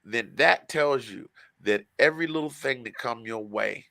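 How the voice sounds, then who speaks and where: A man hosts a sports podcast, telling stories casually but with lots of emotion and animation. His mid-range voice is gravelly, at normal speed, with no room sound.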